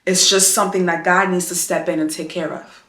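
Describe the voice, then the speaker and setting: Woman vlogger, heartfelt faith talk, encouraging, bright voice, echoey room. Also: fairly low pitch, steady tone, fairly quick. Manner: emotional, encouraging, repetitive preaching cadence; addresses viewers as "girl".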